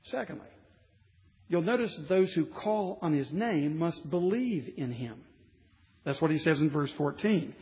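High-voiced preacher in an echoing hall. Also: male voice, dull audio. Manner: conversational, building to emphatic, with wry asides. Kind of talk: sermon.

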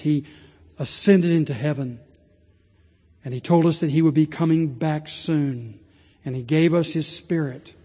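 A man preaching a sermon as pastor, rising to impassioned pleading and dropping low and slow. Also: mellow. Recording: long reverb of a large hall.

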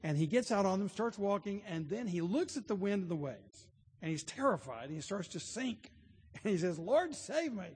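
A man's voice: sits high, animated, normal speed, darkish tone, slight background noise. A man preaching a sermon, telling stories earnestly and building to emphatic points. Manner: earnest storytelling, rising to emphatic. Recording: long hall reverb.

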